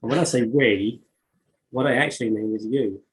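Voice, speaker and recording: A man chats about his writing in a halting way, full of ums and restarts. Then he reads his own poems aloud with measured care. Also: medium pitch, low-quality recording. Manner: hesitant, many fillers and restarts. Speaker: poet and author. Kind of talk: conversational interview, reading poetry aloud.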